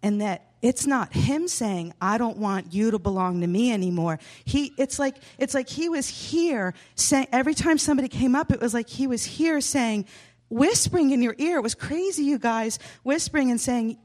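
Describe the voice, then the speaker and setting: A woman's voice: on the high side, lively intonation, normal speed, a little mellow. A woman sharing a vision at a church service, earnest and hesitant, with many fillers and restarts.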